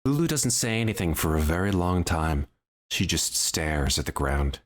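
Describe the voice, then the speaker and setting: A game master narrating a tabletop game with dramatic, expressive narration. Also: deep voice, normal speed.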